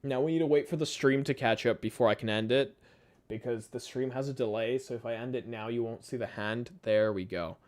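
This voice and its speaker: A man's voice: medium pitch, fairly quick, no room sound. Sleepy guy rambling on his live stream at night, laughs a lot, dry close mic. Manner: rambling, chatty, laughs often, restarts sentences. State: tired late at night. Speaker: YouTube channel host. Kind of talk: casual live-stream chat.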